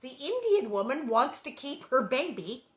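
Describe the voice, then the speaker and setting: A woman reading the lines of a steady, gentle frontier father in a storybook. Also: high-pitched, moderate pace, voice pushed up. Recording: roomy echo.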